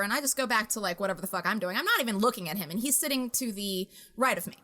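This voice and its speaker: A young woman hosting a podcast, telling a story in a casual, animated and profane way with bursts of laughter. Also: a little high, very fast, few pauses. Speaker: podcast host.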